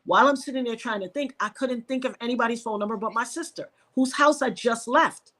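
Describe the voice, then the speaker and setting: A woman from New York, a podcast guest, telling an emotional personal story and acting out the voices of the people in it. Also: fairly quick. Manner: animated, reenacts dialogue with sharp pitch jumps.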